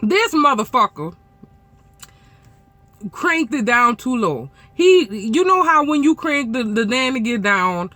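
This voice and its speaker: A woman truck driver tells a story to her viewers, blunt and full of profanity. Her voice sits high and sounds bright. She talks in an animated, outspoken way. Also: no room sound. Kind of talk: casual storytelling vlog.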